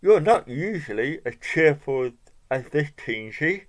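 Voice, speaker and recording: A man gives voice to a mother mouse from a children's storybook. She is gentle and mildly puzzled, speaking slowly with an expressive pitch.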